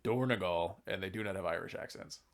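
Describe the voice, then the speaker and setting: A man with a fairly low voice hosts a casual podcast while a little drunk. He rambles loosely through game lore and drops a casual swear now and then. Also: a little fast. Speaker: podcast host.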